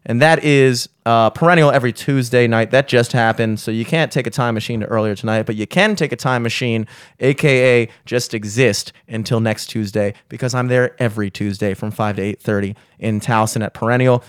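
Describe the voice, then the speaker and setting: A man's voice: mid-range voice, brisk, smooth, no echo. Young male podcast host, loose and profane, dry close mic. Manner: profane, joking, rambling plugs. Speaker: podcast host and gigging musician. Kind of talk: casual podcast banter.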